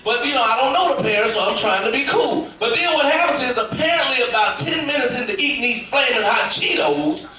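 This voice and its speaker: High-voiced comedian in an echoey theater. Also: male voice, brisk, hardly any pauses, far from the mic. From Tennessee. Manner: animated, emphatic storytelling with shouted punchlines. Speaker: stand-up comedian. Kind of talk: stand-up storytelling. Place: cruise ship theater with audience. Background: audience laughter.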